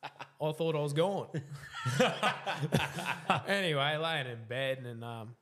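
A man's voice: fairly high pitch, takes it slowly, a bit bright. A young Australian man telling a story on a casual podcast, laid-back, swearing freely and laughing as he goes. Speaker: podcast co-host.

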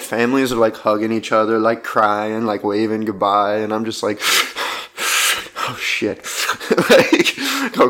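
Rambling young man telling an anecdote. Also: mid-range voice. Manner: rambling, full of "like" fillers, laughing between lines. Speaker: storyteller.

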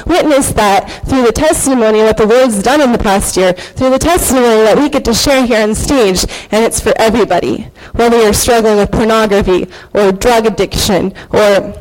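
Speaking at normal speed with few pauses, this woman in her thirties offers a heartfelt faith testimony to a church audience, stumbling over hesitant fillers. Her voice is a little high and a little mellow, though the audio is poor.

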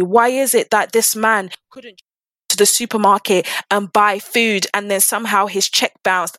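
A woman's voice: mid-range voice, a bit bright, no echo. A woman in casual discussion, talking with passion and piling up rhetorical questions. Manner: impassioned, rapid rhetorical questions.

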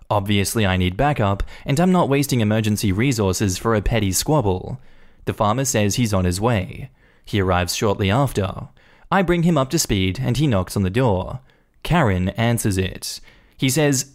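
A man reading a first-person Reddit story aloud in an animated, indignant storytelling manner. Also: fairly low pitch, moderate pace. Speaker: story narrator.

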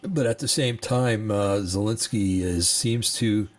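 A man hosting a podcast, talking in a casual, tired and halting way with many fillers as he reads articles aloud. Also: on the low side. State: sleepy, yawning. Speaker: podcast host.

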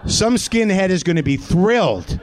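A man's voice: high-pitched, lively intonation, moderate pace. A man hosting a live comedy show, doing a profane, self-deprecating stand-up rant straight to the audience from a theater stage. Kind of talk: stand-up monologue.

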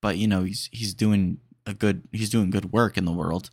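A man hosting a podcast in casual chat, excitable and rambling, peppered with "dude". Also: lowish voice, moderate pace, husky, no room sound, studio quality. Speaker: podcast host.

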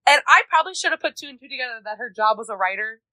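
A woman's voice: on the high side, lively intonation, very fast, pushed and bright, no room sound, poor audio. A woman co-hosting a book podcast, enthusiastically chatting and acting out quotes from a novel. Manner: enthusiastic, frequent agreeing and quoting. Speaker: podcast co-host. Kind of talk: casual book chat.

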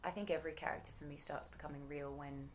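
A woman's voice: sits low, fairly even intonation, fast talker, a little hiss or hum. A woman in her thirties with an Australian accent, chatting casually as an interview guest, full of fillers and restarts. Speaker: actress guest.

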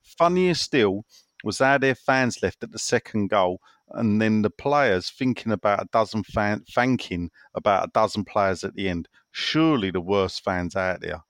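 A man co-hosting a casual football podcast, opinionated and animated as he reads listener messages. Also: lowish voice, normal speed, dry recording, clean studio sound. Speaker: podcast co-host.

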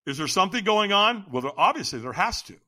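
A man who works as a firewalk instructor, telling excited stories in an interview and acting out quotes with lots of laughter. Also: sits high, fast talker. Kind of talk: animated storytelling.

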